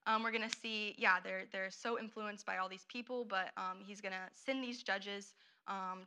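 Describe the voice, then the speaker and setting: Bright, chatty young woman teaching. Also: medium pitch. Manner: chatty and playful, many fillers and asides. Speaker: Bible school student presenter. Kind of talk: casual teaching talk.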